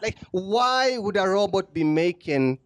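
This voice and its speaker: A man's voice: sits high, unhurried. A man from Kenya doing a sarcastic stand-up comedy set on a comedy club stage. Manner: sarcastic, deadpan irony.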